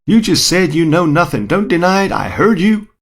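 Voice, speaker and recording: A man voicing an accusing flat-earth believer with a put-on accent, husky and gravelly. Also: sits high, normal speed, voice pushed up, heavily acted. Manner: put-on accent, raised and insistent.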